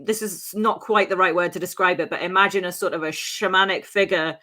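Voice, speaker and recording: A woman's voice: on the low side, fairly even intonation, fairly quick, pushed and bright. A woman hosting a podcast, telling a true-crime story in a casual, chatty way with many asides and fillers.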